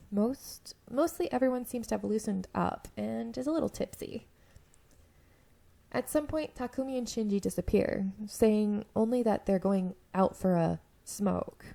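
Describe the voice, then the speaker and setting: A young woman with a slightly hoarse throat, reading an otome game aloud and often stopping to laugh and comment. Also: mid-range voice, mellow. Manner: giggly, breaks off to laugh and comment. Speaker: let's-play video creator.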